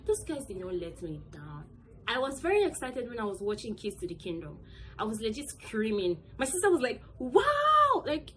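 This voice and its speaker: A young woman from Nigeria, hosting a casual movie review vlog in an excitable, chatty and emphatic way. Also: a little high, slight background noise, poor audio. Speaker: host.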